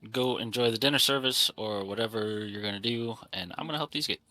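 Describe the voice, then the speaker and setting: Bright-voiced joking man player. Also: on the low side, fast, no room sound. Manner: joking, playful. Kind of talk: casual tabletop play.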